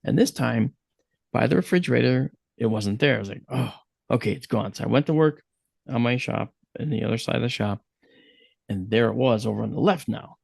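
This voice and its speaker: Man from the USA, storyteller, gravelly and husky, acts out his quotes. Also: medium pitch, fairly quick, a little mellow, no room sound. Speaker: guest speaker. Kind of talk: storytelling talk.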